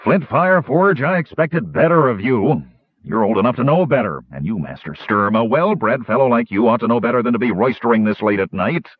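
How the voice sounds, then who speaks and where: A man voicing a grumpy old male innkeeper who scolds loudly. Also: medium pitch, very animated, normal speed, breathy edge, no room sound. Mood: growling. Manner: loud, growling scolding. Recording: tinny phone-like audiobook recording.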